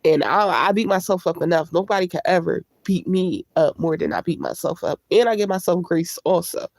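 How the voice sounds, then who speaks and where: A woman's voice: fairly low pitch, fairly quick, a little mellow, no room sound. A woman vlogger chatting candidly on a livestream, congested from a cold. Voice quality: gravelly. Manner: candid, chatty, greets live viewers. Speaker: YouTube vlogger. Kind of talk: casual live-stream chat.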